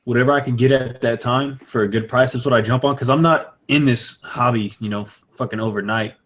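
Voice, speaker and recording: A man's voice: mid-range voice, fairly even intonation, a little fast, a bit bright. A man on a collectors' panel, talking plainly about buying on a budget. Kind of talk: casual chat.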